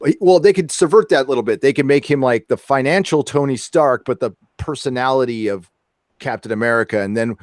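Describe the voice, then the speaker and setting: An earnest man of middle pitch rambles as a guest in a casual podcast chat. He uses many fillers and restarts. The sound is dry. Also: dry recording.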